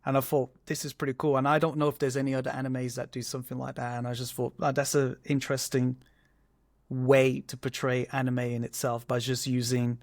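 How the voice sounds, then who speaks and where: A man who grew up in Portugal and England, telling stories in a lively, animated way with stumbling restarts over a video call. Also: medium pitch, fairly quick, no room sound, clean studio sound. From Portugal, moved to England. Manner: animated storyteller, stumbles on starts. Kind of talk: casual video-call chat.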